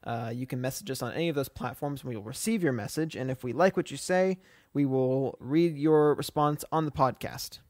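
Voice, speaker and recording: A man's voice: mid-range voice, brisk, no echo. A man co-hosting a podcast, talking casually in a rambling way with lots of fillers and restarts. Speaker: podcast co-host.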